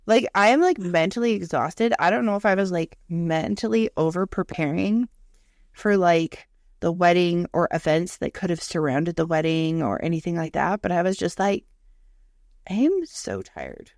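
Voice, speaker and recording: A woman co-hosting a podcast, telling animated, profane stories in casual chat. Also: fairly low pitch, moderate pace, dry recording, studio quality. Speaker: podcast co-host.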